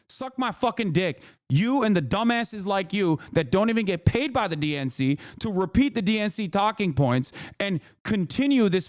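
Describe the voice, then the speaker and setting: Furious high-voiced man ranting. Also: no echo, clean studio sound. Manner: profane, furious, berating. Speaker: political streamer. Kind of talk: angry rant at chat.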